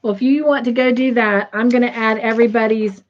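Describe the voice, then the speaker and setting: A woman's voice: fairly high pitch, fairly even intonation, brisk. A woman hosting a casual livestream, chatty, reading viewer comments aloud and tallying quiz scores. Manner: chatty, says "y'all", reads comments aloud. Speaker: livestream host. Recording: slightly dull lo-fi stream audio.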